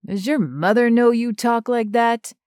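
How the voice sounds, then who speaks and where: A woman's voice: on the high side, unhurried, darkish tone, clear, resonant tone, no room sound, pitched above the performer's own voice, natural voice. A woman voicing a joking man in his late twenties who banters dryly with his niece. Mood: wry. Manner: dry, good-humored banter.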